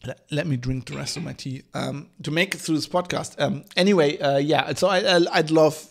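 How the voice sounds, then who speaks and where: A male podcast host, hoarse from hay fever, chatting casually on his own, rambling with lots of fillers, restarts and swearing. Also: on the high side, brisk. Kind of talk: casual solo podcast chat.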